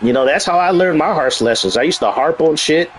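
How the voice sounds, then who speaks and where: A man's voice: fairly high pitch, expressive, brisk, rough recording. A man streaming and chatting casually, blunt and profane, who laughs often and reads and answers his live chat.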